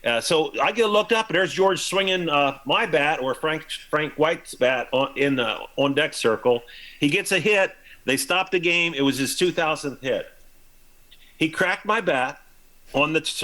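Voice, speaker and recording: An older man spins baseball stories as a guest on a broadcast talk show, slipping into the voices of the people he quotes. His voice is bright and forceful and sits a little high for a man. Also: normal speed, poor audio. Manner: animated anecdotes, acts out quoted lines. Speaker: guest, former baseball player. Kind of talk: storytelling in a broadcast interview.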